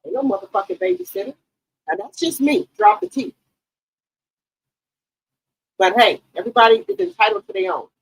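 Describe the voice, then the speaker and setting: A woman in her late forties or fifties hosting a gossip channel, talking to her viewers in an animated, outspoken and profane way. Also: medium pitch, moderate pace, pauses often, husky, rough recording. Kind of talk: casual commentary to viewers.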